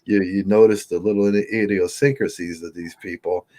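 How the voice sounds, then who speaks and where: A man chatting casually on a podcast, an animated storyteller who laughs often. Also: sits low, fairly quick. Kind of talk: casual chat.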